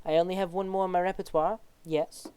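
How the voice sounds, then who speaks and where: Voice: mid-range voice, flat delivery, a little fast, warm tone, natural voice. A game master voicing a wary, weary female judge and spellcaster who talks guardedly and frankly.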